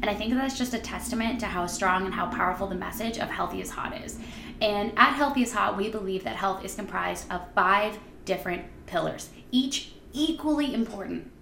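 Bubbly, squeaky-voiced woman podcast host. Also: a little fast, creaky, reverberant, slight background noise. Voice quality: high-pitched, squeaky. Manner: bubbly, energetic, emphatic. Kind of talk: upbeat podcast monologue.

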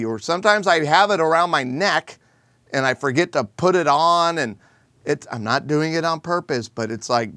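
Animated joking man, a bit high. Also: normal speed, no room sound. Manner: animated, jokey, acts out quoted people. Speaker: host. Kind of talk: comedic monologue to camera.

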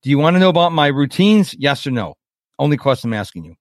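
A man hosting a live webinar as a coach, chatty and lively, acting out quotes and checking in with his listeners. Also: fairly high pitch, quick pace, dry recording, clean studio sound. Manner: chatty, animated, acts out quotes and checks in with "okay?".

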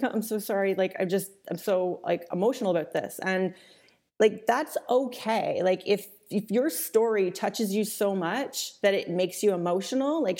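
A woman's voice: medium pitch, warm tone. A woman business coach giving a webinar training in a casual, chatty way, full of fillers and the odd mild swear word.

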